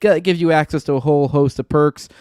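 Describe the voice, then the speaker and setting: A man's voice: fairly high pitch, fairly even intonation, quick pace, darkish tone, clean tone, no room sound, clean studio sound. A man hosting a podcast, tired and sniffly, easygoing as he chats and plugs the show. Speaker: podcast host. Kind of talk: casual chat and show sign-off.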